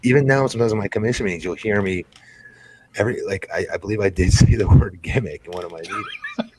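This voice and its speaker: A man's voice: fairly low pitch, huge pitch swings, fast talker, background noise. A man talking as a guest on a podcast, a laid-back storyteller who draws out his phrases. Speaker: podcast guest, former wrestler. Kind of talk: casual podcast chat.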